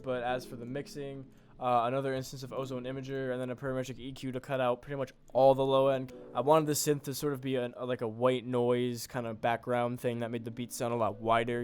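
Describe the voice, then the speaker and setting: A man's voice: mid-range voice, little pitch movement, quick pace, a little hiss or hum. A young man casually walking through how he made a beat, laid-back and rambling, with offhand swearing. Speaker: beat producer. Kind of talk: casual screen-recorded tutorial.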